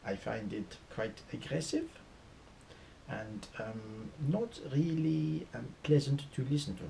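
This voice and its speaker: A man putting on a stereotyped German accent, speaking in a stiff, clipped, halting way. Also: medium pitch, creaky, dark tone, slight background noise, rough recording. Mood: mock stern.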